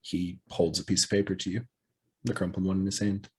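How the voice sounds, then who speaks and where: A man's voice: sits low, flat delivery, a little fast, darkish tone, slightly rough. A man narrating a tabletop game as game master, with hesitant, filler-filled description.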